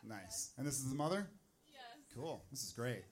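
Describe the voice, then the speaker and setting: A male stand-up comedian doing jokes and crowd work, animated and teasing, on a handheld mic in a comedy club. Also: medium pitch, brisk. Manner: animated, teasing, talks to audience members. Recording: noisy live club recording.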